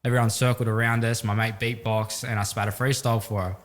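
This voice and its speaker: A man's voice: lowish voice, level tone, fast talker. A young man from Sydney with an Australian accent, telling stories as a guest in a casual interview with lots of fillers. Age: young adult. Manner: laid-back storytelling, lots of fillers. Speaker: guest rapper.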